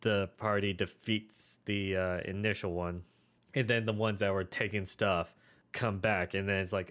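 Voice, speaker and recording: A man's voice: deep voice, level tone, unhurried, a bit bright. A man co-hosting a casual brainstorming chat, rambling with lots of fillers and trailing off. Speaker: podcast co-host.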